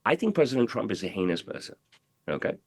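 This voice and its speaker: A man's voice: lowish voice, sing-song, fast, slightly rough, no room sound. A man giving an interview in casual talk, swaggering and profane, rambling with lots of repeated fillers. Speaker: interview guest, tailor.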